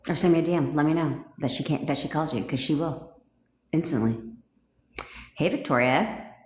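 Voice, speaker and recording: A blunt, foul-mouthed woman chats live with her viewers, excitable and breaking into laughs. Her voice sits low for a woman. The sound bounces around an echoey room. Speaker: manifestation coach hosting a livestream. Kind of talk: casual livestream chat with viewers.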